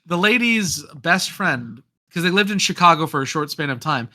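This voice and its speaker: A man hosting a podcast, telling a story in a lively, casual way and acting out what people said. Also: on the high side, moderate pace. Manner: animated storyteller who acts out quotes. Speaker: podcast host.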